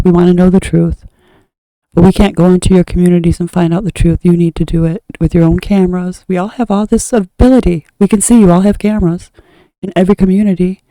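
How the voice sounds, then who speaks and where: American lady doing a tarot reading, super mellow dark voice, rambles and restarts a lot, opinionated. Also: fairly low pitch, no room sound, low-quality recording. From United States. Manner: rambling, blunt, trails off and restarts. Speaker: tarot reader. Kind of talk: opinionated spoken monologue.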